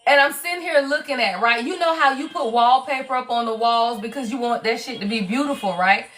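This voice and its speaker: High-voiced blunt Southern woman. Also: brisk, fairly bright tone, faint music behind. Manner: blunt, profane, preachy. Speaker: tarot reader. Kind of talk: livestream talk.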